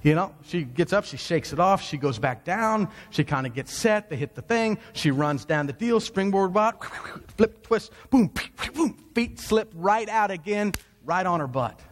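A man telling a dramatic story to an audience in an animated preaching style, swinging between low, quiet moments and high, excited ones. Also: unhurried. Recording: long hall reverb.

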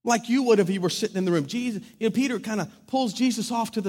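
A man preaching a sermon in a large church hall, impassioned, swinging from loud proclaiming to hushed intimacy. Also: high-pitched, fast, few pauses. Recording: long reverb of a large hall.

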